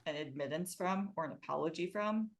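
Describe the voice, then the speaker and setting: A woman in her twenties co-hosts a podcast and chimes in supportively. Her voice sits very low for a woman. She offers short comments and quick affirmations while her guest talks. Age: 20s. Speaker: podcast co-host. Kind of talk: casual podcast chat.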